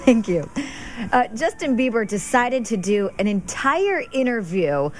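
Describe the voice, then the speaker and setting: A woman's voice: a little high, big pitch swings, measured pace, slight background noise. A young woman hosting an entertainment gossip segment, chatty and laughing easily. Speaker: entertainment news segment host. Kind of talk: casual gossip chat.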